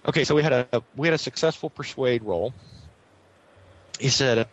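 A man's voice: mid-range voice, moderate pace, vocal fry, pauses often. Man running a tabletop game over a call. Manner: relaxed, filler-heavy narration. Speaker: game master. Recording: slightly muffled online call audio.

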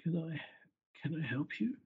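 A man's voice: on the high side, animated, normal speed, husky, pitched above the performer's own voice. A man voicing a frail elderly night manager in a tabletop game, polite and hesitant. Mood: fussy polite. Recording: muffled call audio.

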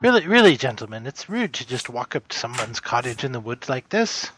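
A man's voice: mid-range voice, very animated, brisk, background noise, close to an everyday voice. A man voicing Zelda, a prim woman traveler with an indignant, scolding manner.

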